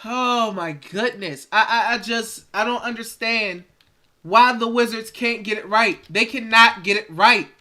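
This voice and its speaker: Man, livestream host, exasperated rant, bright voice, repeats himself. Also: high-pitched, a little slow. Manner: exasperated, repeats phrases for emphasis. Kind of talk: live-streamed sports rant.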